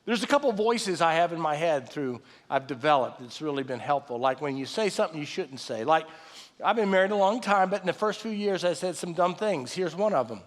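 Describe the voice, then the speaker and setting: High-voiced man in his fifties preaching. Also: fairly quick. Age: 50s. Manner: animated, folksy preaching with self-deprecating asides. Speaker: pastor. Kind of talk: sermon. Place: large church hall. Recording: live sermon with long hall reverb.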